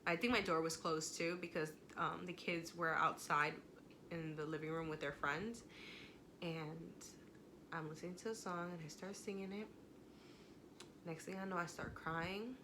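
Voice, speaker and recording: A woman's voice: lowish voice, steady tone, moderate pace, background noise. A young woman telling viewers a personal faith story at home, emotional and conversational, speaking to them directly. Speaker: vlogger.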